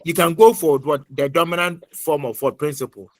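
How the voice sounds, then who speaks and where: A middle-aged man lecturing an online class, repeating points and quizzing students with many pauses. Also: on the high side, no echo. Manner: repetitive, quizzing, fills pauses with uh.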